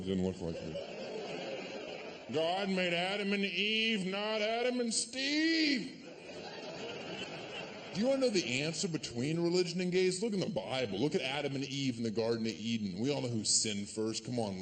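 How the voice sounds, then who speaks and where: A man performing stand-up comedy on a club stage, with sardonic, deadpan delivery broken by sudden yelled punchlines. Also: mid-range voice, fast talker, hardly any pauses, long reverb tail, background noise.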